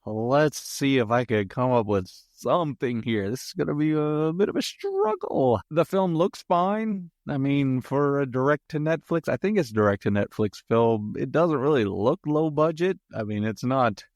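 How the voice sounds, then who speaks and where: A man's voice: medium pitch, lively intonation, normal speed, hardly any pauses, a little mellow, dry recording, clean studio sound. A man hosting a solo podcast, reviewing a movie in a jokey, rambling way with self-mocking asides.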